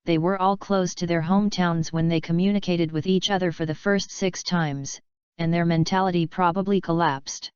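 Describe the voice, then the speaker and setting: A woman reading the part of a calm, gentle young ninja leader, speaking in a fairly low, very clear and smooth voice. The recording is dry and a bit dull. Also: normal speed, no echo, close to an everyday voice.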